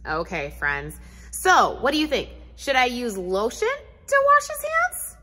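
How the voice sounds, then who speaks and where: A woman's voice: fairly high pitch, unhurried, in a large hall. A woman teaching a children's Bible lesson, talking animatedly to a pet dog and to the children. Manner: animated, talks to an unseen puppet dog. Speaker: preschool teacher.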